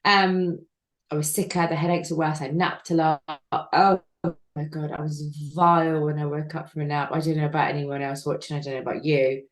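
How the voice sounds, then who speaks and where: A woman in her thirties, an interview guest, shares a personal story in a low voice with little pitch movement. She is candid but halting, full of fillers and restarts, and the room sounds noticeably echoey.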